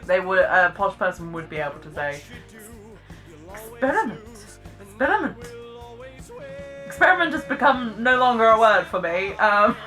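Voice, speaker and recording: Bright-voiced British woman chatting. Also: medium pitch, lively intonation, moderate pace, soft background music. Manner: chatty, self-deprecating, laughs often. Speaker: vlogger reacting to clips. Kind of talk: casual reaction commentary.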